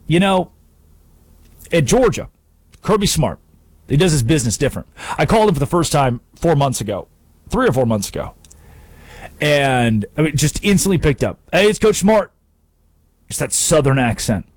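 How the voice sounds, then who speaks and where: Male sports talk host, fairly high voice with big swings, sarcastic punch, dry studio sound. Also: moderate pace, pauses often, slightly rough, no echo. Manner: emphatic, animated, sarcastic. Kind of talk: sports talk radio monologue.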